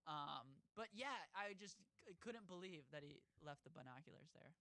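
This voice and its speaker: A man's voice: expressive, normal speed, vocal fry, sharp tone, dry recording. A young man hosting a podcast, telling a rambling story in a casual, swearing way. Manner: rambling, swears, jumps into high voices for quotes. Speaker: podcast host.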